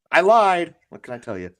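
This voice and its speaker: A man in casual live-stream chat, joking around and now and then slipping into silly voices. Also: a little high. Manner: playful, jokey, drifts into silly character voices.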